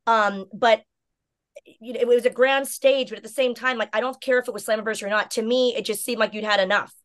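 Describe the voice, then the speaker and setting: Fast-talking gushing woman co-host. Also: on the high side. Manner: gushing, quick and animated. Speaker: podcast co-host. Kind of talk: casual interview chat.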